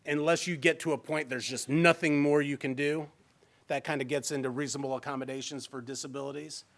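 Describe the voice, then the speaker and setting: A man's voice: medium pitch, steady tone, a little fast, vocal fry, fairly bright tone. A man with a Midwestern American accent giving a live fair housing training in a library meeting room, talking conversationally and acting out quoted examples.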